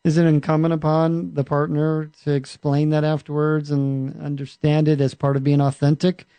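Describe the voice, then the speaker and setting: A man co-hosting a podcast, easygoing and quick to chuckle in casual conversation. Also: on the high side, level tone, warm tone, clear, resonant tone, no room sound. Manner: easygoing, short agreeing replies, chuckles. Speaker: podcast co-host.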